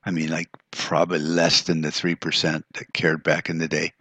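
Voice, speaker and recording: Low husky man ranting bluntly. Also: flat delivery, moderate pace, sharp tone, dry recording. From United States. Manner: blunt, heavy swearing, frustrated. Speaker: podcast host. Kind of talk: profane ranting monologue.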